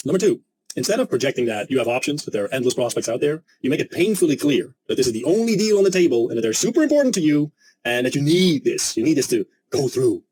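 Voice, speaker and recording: Fast, animated man coaching sales. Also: slightly rough, dry recording, rough recording. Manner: animated, emphatic, acts out quoted clients with a jump in pitch. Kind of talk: energetic sales lesson.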